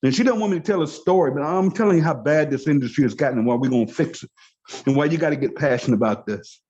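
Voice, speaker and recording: Brief: fired-up man preaching to a team, slightly high voice, muffled call audio. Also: fast talker, a little mellow. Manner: passionate, preachy. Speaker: network marketing leader. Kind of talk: motivational call speech.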